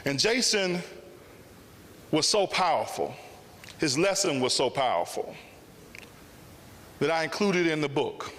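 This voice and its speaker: A man's voice: fairly high pitch, expressive, measured pace, pauses often, fairly bright tone. A man telling a story in a public speech at a summit, with emphatic repetition. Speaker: summit speaker. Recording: long hall reverb.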